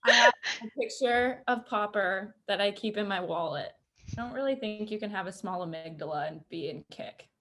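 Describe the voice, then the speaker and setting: A woman's voice: mid-range voice, animated, moderate pace. A woman in a casual group chat, giggly and emotional as she talks. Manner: giggly, emotional, warm-hearted.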